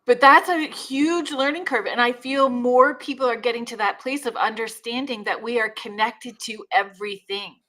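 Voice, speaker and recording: Bright-voiced earnest woman guest. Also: fairly high pitch, fairly even intonation, normal speed, hardly any pauses. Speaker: podcast guest, psychic. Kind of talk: casual chat.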